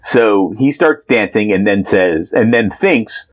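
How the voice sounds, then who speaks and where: A playful man co-hosting a podcast and teasing his partner as he recaps a comic. His voice sits slightly low, and his casual talk is full of hesitations. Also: expressive, unhurried, few pauses. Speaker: podcast co-host.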